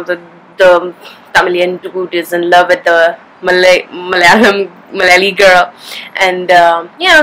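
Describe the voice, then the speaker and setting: A woman from India's Kerala region talking casually to camera, telling stories in a chatty, giggly, animated way. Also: medium pitch, low-quality recording. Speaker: vlogger.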